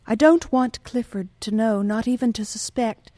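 A woman voicing a gentle, guarded young lady who speaks softly and hesitantly. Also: a little high, moderate pace, dry recording, close to an everyday voice. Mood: pleading. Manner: soft, pleading, hesitant.

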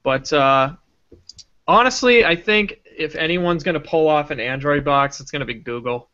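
A man on a casual podcast, retelling a movie in a profane, animated way. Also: on the high side, moderate pace, smooth, dull audio. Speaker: podcast co-host.

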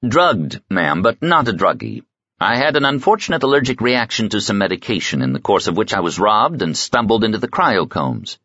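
A man's voice: on the low side, big pitch swings, normal speed, bright, forceful tone, breathy edge, dry recording, exaggerated voice. A man voicing a polite, stranded traveler. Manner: polite and courteous. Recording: slightly muffled dry audiobook recording.

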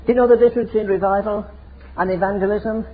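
A man's voice: sits high, fairly even intonation, quick pace, husky. An older man preaching a fiery, emphatic sermon full of rhetorical questions. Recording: tinny phone-like sermon recording.

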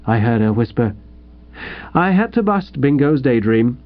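A man reading a comic story aloud in an expressive, animated narration, in a dull lo-fi recording. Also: mid-range voice, moderate pace. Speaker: audiobook narrator.

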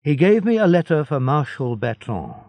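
A man voicing a polite, eager young seaman in a slow storybook reading. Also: on the high side, sing-song, a little mellow, no echo, pitched above the performer's own voice. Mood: earnest.

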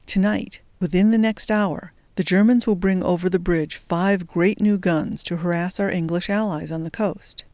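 Earnest young resistance man, urgent and devoted, voiced by a woman in a low, dry storybook read. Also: fairly even intonation, normal speed, hardly any pauses, darkish tone, dry recording, natural voice.

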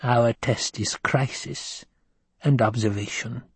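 A man voicing a stern old woman who leads a secretive sisterhood, speaking in a slow, measured, commanding way with a husky tone. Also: mid-range voice, fairly even intonation, no echo, exaggerated voice. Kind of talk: audiobook character voice.

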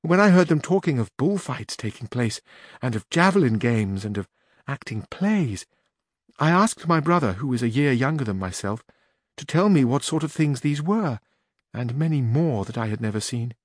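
A man's voice: medium pitch, expressive, normal speed, no room sound, studio quality, voice pushed up, natural voice. A man doing a tearful, pleading young noblewoman. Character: weeping young noblewoman in disguise, shy.

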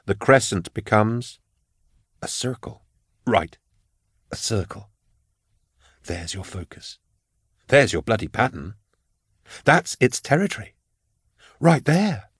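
A man reading the part of a wry male forensic scholar with a dry wit, explaining in a measured way. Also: lowish voice, very animated, a bit bright, slightly rough, dry recording, full character voice. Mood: insistent. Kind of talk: audiobook character reading.

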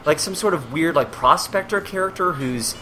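A man's voice: on the high side, lively intonation, normal speed, pushed and bright, faint music behind. A man hosting a casual podcast chat, joking, laughing often and slipping into silly voices. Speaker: podcast host.

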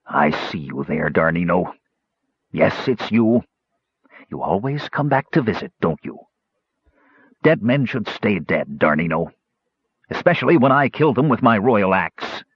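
A man voicing a lonely, unhinged king who rants grandly, swinging between loud outbursts and hushed menace. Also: sits low, very animated, a little slow, long pauses, breathy edge, no echo, full character voice. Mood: menacing. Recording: dull lo-fi dry recording.

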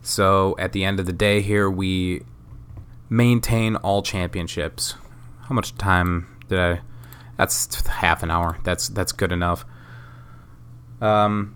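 A man's voice: on the low side, steady tone, slow pace, pauses often, fairly bright tone, smooth. A man hosting a casual solo podcast, talking loosely with fillers, swearing and self-mocking asides. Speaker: podcast host. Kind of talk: casual solo podcast narration of a wrestling sim game.

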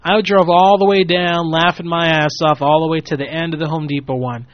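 A young man tells a long, loose story on a show, cursing freely and switching into the voices of the people in it. His voice sits a little high, with no room echo, and the recording sounds dull and lo-fi. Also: fairly quick. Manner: rambling, profane, animated quoting of people. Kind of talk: casual storytelling. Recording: muffled lo-fi audio.

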